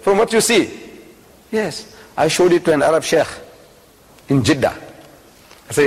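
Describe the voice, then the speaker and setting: An older man delivers a religious lecture, telling stories and throwing questions back at his audience. His voice sits somewhat high for a man. The sound rings with the long reverb of a large hall. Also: lively intonation, moderate pace, pauses often. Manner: storytelling, asks the audience questions.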